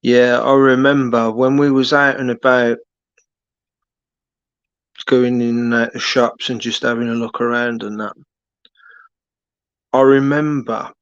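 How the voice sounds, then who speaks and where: In gravelly, medium-pitched tones, a man with a Birmingham accent ambles through casual late-night live-stream chat. He talks slowly and haltingly, rambling with many fillers, over a dull, lo-fi recording with no echo.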